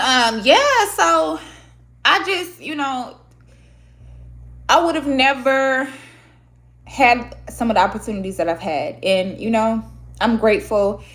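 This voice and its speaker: A woman from Michigan, talking candidly and with plenty of swearing as she vlogs to camera. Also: a little high. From Michigan, USA. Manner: candid, profane, expressive. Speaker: vlogger and podcaster. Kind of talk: casual talk to camera. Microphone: own microphone at a desk setup.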